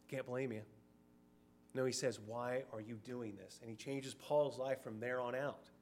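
A man's voice: medium pitch, fairly even intonation, unhurried, darkish tone, a little hiss or hum. A middle-aged man preaching a sermon in a conversational way, sometimes acting out short quoted voices.

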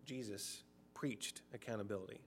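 A man's voice: lowish voice, fairly even intonation, normal speed, slight background noise. A middle-aged man preaching a sermon in a conversational way, sometimes acting out short quoted voices.

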